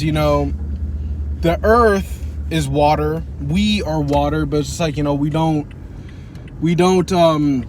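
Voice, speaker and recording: A man vlogging casually from his car as he drives, rambling and swearing, with lots of fillers. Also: fairly high pitch. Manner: rambling, profane, with many fillers. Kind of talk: casual driving vlog. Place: in a car while driving. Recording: car cabin with clear road noise. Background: road and traffic noise.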